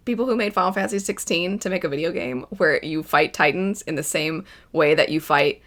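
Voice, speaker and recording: A young adult woman giving casual, enthusiastic first-impressions commentary on an anime, chatty and quick to laugh. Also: deep voice, a bit bright. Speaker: anime reaction vlogger.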